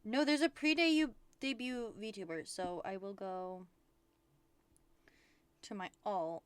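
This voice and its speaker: A woman VTuber chatting casually on a livestream, rambling excitedly and swearing often. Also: medium pitch, slow pace, clean tone, dry recording. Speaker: VTuber streamer.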